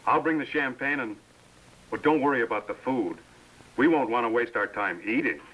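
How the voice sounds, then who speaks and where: A man's voice: medium pitch, animated, moderate pace, noisy background, natural voice. A man playing a breezy, teasing American adventurer. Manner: joking and teasing. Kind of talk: 1950s TV drama acting.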